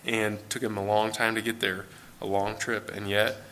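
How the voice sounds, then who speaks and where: A man with an American accent preaching a sermon in a church, conversational and relaxed, with fillers and self-corrections. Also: fairly low pitch, moderate pace, slight background noise.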